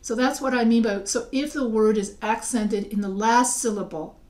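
A woman's voice: a little high, fairly even intonation, normal speed, a little mellow. Woman teaching spelling rules. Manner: explains patiently, with many restarts and spelled-out words. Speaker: writing teacher. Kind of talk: recorded lecture over slides.

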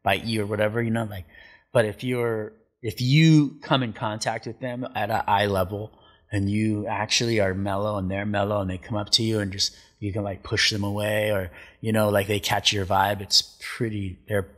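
A surf commentator telling stories in a casual sit-down interview, acting out the quotes and laughing often. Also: male voice, fairly low pitch, normal speed. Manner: animated storyteller, acts out quotes, laughs often.

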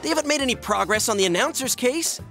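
Yosuke, earnest teen schoolboy. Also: male voice, on the high side, animated, moderate pace, music in the background. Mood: determined. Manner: urgent, earnest, talks things through. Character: earnest teenage schoolboy, restless and determined. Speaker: voice actor. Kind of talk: video game dialogue.

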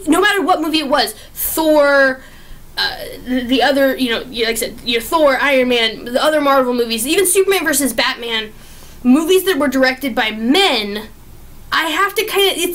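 Young woman gushing about a movie she loved, high voice, lots of restarts, super casual. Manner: gushing and excitable, with many restarts. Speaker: movie reviewer. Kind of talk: casual spoken movie review.

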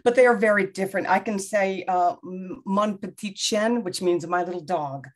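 A woman's voice: on the low side, steady tone, normal speed. A middle-aged woman novelist in a casual interview, talking in a rambling, self-deprecating way with many restarts. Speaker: debut novelist being interviewed.

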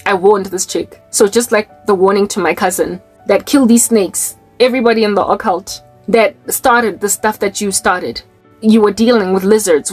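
Husky South African woman preaching. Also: medium pitch. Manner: emphatic, repeats key phrases for stress. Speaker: Christian vlogger. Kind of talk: preachy personal testimony.

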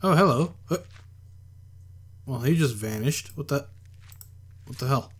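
A man's voice: mid-range voice, animated, unhurried, breathy edge. A man playing through a game and reading its text aloud, chatting casually and muttering, at times breaking into exasperated rants. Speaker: gaming video host.

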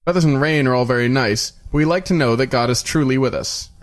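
A man's voice: medium pitch, fast, lightly acted. A man voicing an earnest male imam who huffs back at rivals in an audiobook reading. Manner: earnest, huffing retorts. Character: earnest male imam, narrow-eyed and huffy.

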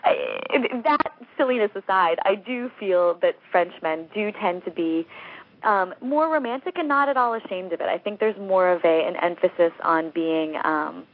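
A woman's voice: lowish voice, expressive, moderate pace. A young American woman, a novelist being interviewed, chatting freely with frequent laughs and fillers. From United States. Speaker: novelist guest. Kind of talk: interview over a phone line. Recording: tinny phone line.

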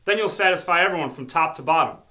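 A man's voice: fairly high pitch, expressive, fast talker, pushed and bright. A man hosting a comedic wrestling commentary show, sardonic and mock-arrogant. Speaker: host.

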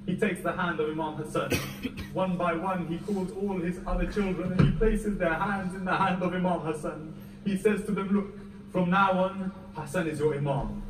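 A man giving a Muharram lecture, reciting a mournful story with deep emotion that swells to near-wailing. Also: background noise. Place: mosque or community hall. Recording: echoey hall, mic heard from a distance.

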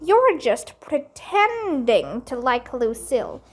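A bossy little girl from a storybook, chirpy and eager, piping high and bright, as a woman reads her aloud. She talks slowly and stretches her words. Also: very animated, breathy edge, exaggerated voice. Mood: sly.

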